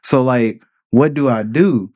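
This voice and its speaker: A man's voice: medium pitch, slow pace, a little mellow, a little hiss or hum. Rambling man in podcast chat. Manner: rambling, filler-heavy, laughs while talking. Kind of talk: casual storytelling chat.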